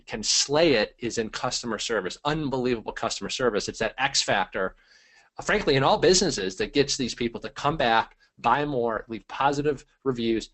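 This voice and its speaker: Pumped-up guy running a live webinar on his computer mic, tons of ums and uhs. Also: medium pitch. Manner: energetic, hyped-up, many fillers. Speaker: webinar host.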